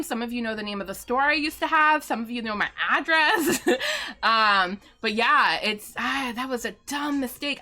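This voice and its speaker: A woman's voice: a little high, pushed and bright. A middle-aged woman streaming live from home, chatting casually, answering viewer questions and laughing often.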